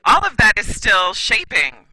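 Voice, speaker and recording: Bright, emphatic woman guest. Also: mid-range voice, very animated, measured pace, poor audio. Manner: emphatic, repeats "right?" for agreement. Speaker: guest expert, school administrator. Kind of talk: casual podcast conversation.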